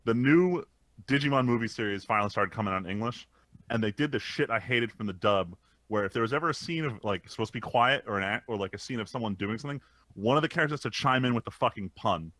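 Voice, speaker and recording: Lowish guy ranting on a podcast, bright edgy tone, dry sound. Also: quick pace, no room sound. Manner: ranting, swears, explains at length. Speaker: podcast co-host. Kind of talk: casual chat.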